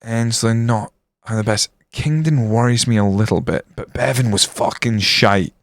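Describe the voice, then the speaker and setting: A man commentating his football management game on a live stream, swearing and ranting, then breaking into excited match commentary. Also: mid-range voice, measured pace, dry recording, clean studio sound.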